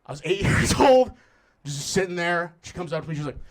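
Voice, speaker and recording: Young guy doing standup in a club, pretty high voice, does little voices and keeps cracking up. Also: expressive, a little fast. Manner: acts out voices of his mom and himself, laughing through lines. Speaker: stand-up comedian. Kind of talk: stand-up comedy set. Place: comedy club stage in front of a live audience.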